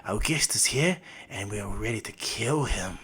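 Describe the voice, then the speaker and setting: A man voicing a cold, menacing young villain who speaks quietly, half-whispered and set back from the mic. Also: lowish voice, animated, normal speed, slightly rough, pitched below the performer's own voice, heavily acted.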